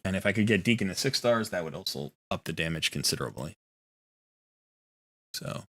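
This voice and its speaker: A man's voice: low-pitched, very animated, a little fast, sharp tone. A man streaming a video game live, talking casually in a rambling, easygoing way and often correcting himself.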